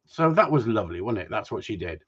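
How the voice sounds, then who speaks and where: A man who trains gundogs, chatting casually and telling stories in an animated way, swearing freely and often restarting his sentences. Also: fairly low pitch, quick pace, breathy edge. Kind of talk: casual chat, storytelling. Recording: dull lo-fi recording.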